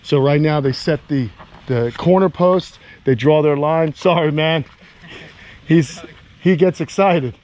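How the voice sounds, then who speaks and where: An enthusiastic man with a voice on the high side speaks in an unhurried, slightly mellow way. He's an animal keeper and vlogger, chatting casually in an outdoor vlog as he walks around his animal camp.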